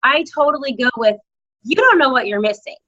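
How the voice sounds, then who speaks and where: A bright, high-voiced woman talks fast and eagerly, spilling encouragement as she rambles on. Her voice comes through a dull, lo-fi video call. She sounds chatty and fired up. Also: expressive, no room sound. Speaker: business coach. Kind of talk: motivational video call talk.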